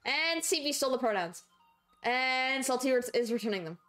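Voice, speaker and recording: A woman streamer chatting casually with her viewers during a game livestream, rambling and excitable, quick to shriek and laugh. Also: high-pitched, faint music behind.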